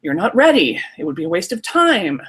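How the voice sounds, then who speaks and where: A woman voicing a cautious, nervous mother who gently talks a child out of things. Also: sing-song, brisk, breathy edge. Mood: dismissive. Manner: lower, soothing yet dismissive, calls listener darling. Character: cautious fretting mother, middle-aged.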